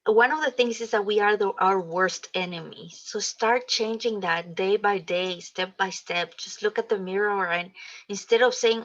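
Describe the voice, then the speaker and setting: A woman's voice: medium pitch, moderate pace, a bit bright. A woman speaking as an interview guest over a video call, earnest and encouraging, sometimes acting out what she says to herself in the mirror. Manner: earnest, encouraging, acts out quoted self-talk. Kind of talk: motivational interview talk. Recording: slightly dull video call audio.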